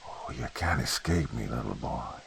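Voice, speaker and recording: A man voicing a cruel cave monster in a horror story, with a choked, hissing whisper that is slow and taunting. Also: very deep voice, animated, creaky, pitched below the performer's own voice, full character voice. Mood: gloating.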